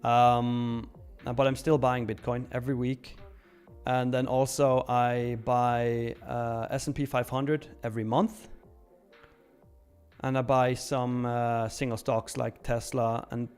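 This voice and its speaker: A man's voice: medium pitch, flat delivery, slow, a little mellow, clear, resonant tone, faint music behind. A young man hosting a live trading stream in casual chat, reading viewer questions aloud and answering them. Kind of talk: casual live market commentary.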